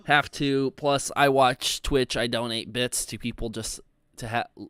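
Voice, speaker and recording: Young guy rambling to his stream chat, mid pitch, super dry close sound, lots of filler words. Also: a little slow, clean tone, no echo. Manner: rambling, relaxed, reads chat aloud, frequent fillers. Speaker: livestream host. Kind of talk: casual livestream chat.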